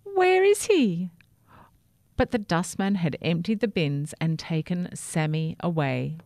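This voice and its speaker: A woman, narrating a children's story in a gentle, expressive way. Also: low voice, no echo, studio quality.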